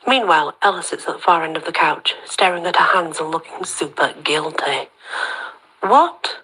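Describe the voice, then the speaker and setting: A woman reading a story aloud as host of her own channel, steady and even, with soft half-whispered dips. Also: deep voice, brisk, husky, rough recording.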